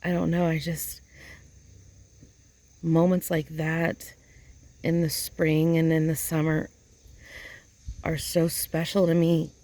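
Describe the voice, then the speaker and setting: A woman's voice: low voice, monotone, takes it slowly, pauses often, mellow. A woman talking casually in an outdoor vlog, rambling and emotional as she hunts for the right words. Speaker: vlogger. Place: outdoors in a yard chair.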